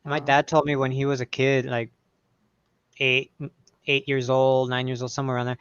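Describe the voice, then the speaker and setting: An excitable woman on a group video call, tripping over her words as she chats. Her voice is dry, slightly dull and lo-fi over a home computer mic. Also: rumbling low, normal speed, clear, resonant tone, no echo. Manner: excitable, imitates accents, many restarts. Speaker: livestream co-host. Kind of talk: casual group chat.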